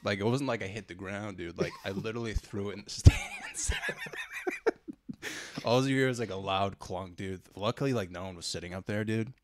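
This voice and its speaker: A man's voice: on the low side, normal speed. A young man from New hosting a podcast, chatting casually and swearing often. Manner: laid-back, swears a lot, says dude constantly. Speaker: podcast host. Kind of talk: casual chat.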